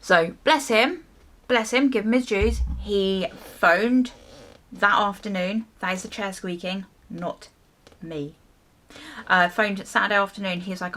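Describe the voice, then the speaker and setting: A young woman telling a casual storytime while she does her hair, lively and a little sweary as she acts out her reactions. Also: mid-range voice, measured pace. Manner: animated storytelling with mild swearing and acted-out reactions. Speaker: beauty vlogger.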